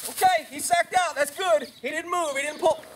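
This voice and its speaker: A man's voice: very high voice, moderate pace, a little hiss or hum. A man working as a horse trainer, talking bluntly and sarcastically as he demonstrates outdoors with horses. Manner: brash, sarcastic, scolding. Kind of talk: blunt instructional vlog talk.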